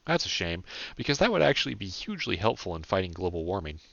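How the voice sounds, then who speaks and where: A man's voice: sits low, big pitch swings, fast, gravelly, a bit bright, no room sound, dull audio, heavily acted. A man voicing a casual young man who talks in an offhand, joking way. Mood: wry.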